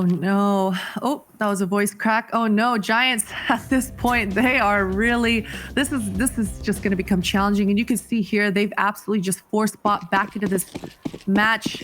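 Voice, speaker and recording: A woman's voice: medium pitch, steady tone, normal speed, fairly bright tone, slight background noise. Chatty woman doing esports colour commentary. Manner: analytical, laughs easily, chatty. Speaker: esports co-caster.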